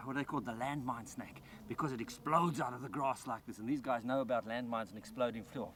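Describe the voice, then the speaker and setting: A man's voice: medium pitch, slight background noise. A man presenting a wildlife documentary outdoors by rice paddies, explaining and exclaiming with enthusiasm.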